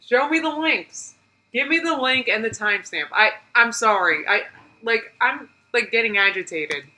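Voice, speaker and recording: A woman from the United States hosting a live reaction stream, with a bright, forceful voice pitched a little high. She talks back to the clip in exasperation, demands evidence and reads viewer comments aloud between laughs. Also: animated, moderate pace, poor audio.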